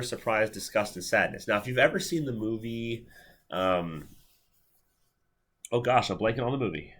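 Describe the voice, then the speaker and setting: A man's voice: mid-range voice, a bit bright. A man in his thirties giving a university lecture in a lecture hall, talking casually with many fillers and restarts. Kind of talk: classroom lecture.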